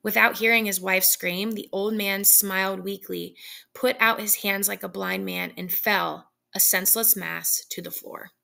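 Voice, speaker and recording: Woman reading a story aloud, measured pace, bright tone, vocal fry. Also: mid-range voice, fairly even intonation. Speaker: reader.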